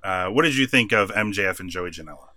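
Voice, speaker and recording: A man's voice: low voice, expressive, quick pace, bright, forceful tone, no echo, studio quality. A man co-hosting a podcast, animatedly recapping a wrestling show in casual chat and laughing often. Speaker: podcast co-host.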